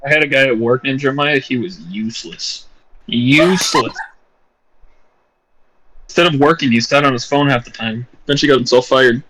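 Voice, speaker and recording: Guy at a tabletop game joking around, blunt short quips, normal pitch. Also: normal speed, pauses often, a bit bright, a little hiss or hum, low-quality recording. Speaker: player. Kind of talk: casual game chat.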